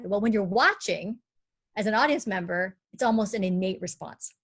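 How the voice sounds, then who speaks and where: A woman who works as a dialect coach, explaining in clear steps and with a lively delivery during a live online panel talk. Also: medium pitch, moderate pace.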